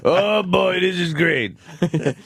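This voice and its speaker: A man's voice: high-pitched, slow, creaky, fairly bright tone, slightly rough, dry recording, studio quality. A man co-hosting a radio talk show and making sarcastic, mocking asides. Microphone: studio microphone.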